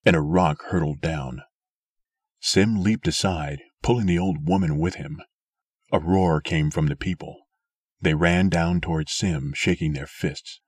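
A man narrating a story aloud in a steady, measured way. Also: low-pitched, breathy edge, dry recording, clean studio sound. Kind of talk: scripted audiobook narration.

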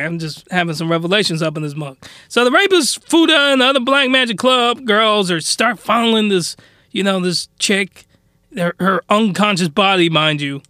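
Male anime recapper, very high and sharp-toned, exasperated ranting commentary. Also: no room sound, clean studio sound.

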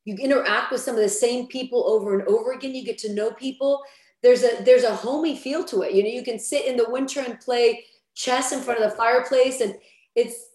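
A woman's voice: a little high, a little mellow. A woman hosting an interview, speaking reflectively and affirming her guest. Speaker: interviewer, podcast host. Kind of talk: casual interview chat. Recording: echoey room.

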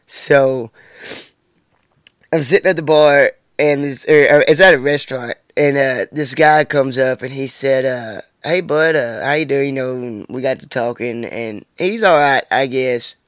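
In his twenties, a podcast host delivers a casual solo monologue, ranting about his life with blunt, heavily profane talk. His medium-pitched voice keeps a measured pace, in studio-quality audio with no echo.

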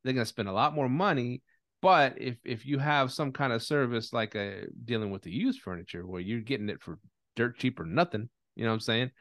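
A man's voice: medium pitch, brisk, fairly bright tone, dry recording, studio quality. A man hosting a podcast in casual chat, talking bluntly with lots of profanity and restarts. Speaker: podcast host.

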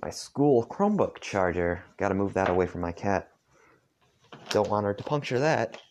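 A tired man casually reading a story aloud at home, halting often with asides. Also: lowish voice, expressive, a little mellow, a little hiss or hum. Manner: halting, with frequent asides and filler. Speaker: fanfiction reader. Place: dark room at home.

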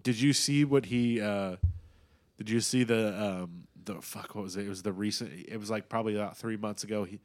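A young man in casual chat, rambling, swearing often and getting animated when excited. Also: fairly low pitch, a little fast.

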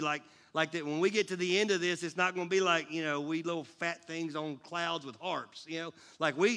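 A man preaching a sermon as a pastor, with a jokey, conversational delivery that turns animated. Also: a little high.

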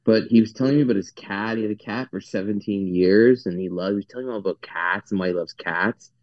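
A man's voice: fairly low pitch, quick pace, dry recording, dull audio. A man telling a story casually on a podcast, rambling, filling his talk with "like" and breaking into laughter.

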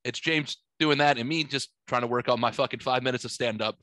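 A man's voice: mid-range voice, a little fast, sharp tone, no echo. A man hosting a podcast, telling rambling, profane stories in casual chat. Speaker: podcast host. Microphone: studio microphone.

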